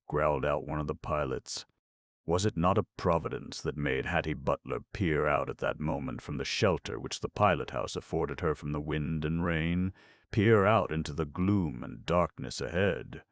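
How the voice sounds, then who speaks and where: Deep, gravelly male narrator for a classic melodrama audiobook, measured and dramatic. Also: dry recording, studio quality. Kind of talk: scripted narration of a melodrama novel.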